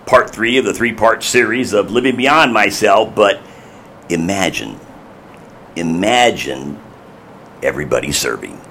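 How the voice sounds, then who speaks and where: A man hosting a Christian podcast, exuberant and bursting with praise and excitement. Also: on the low side, normal speed, hardly any pauses, slight background noise. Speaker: podcast host. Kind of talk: enthusiastic Christian podcast chat.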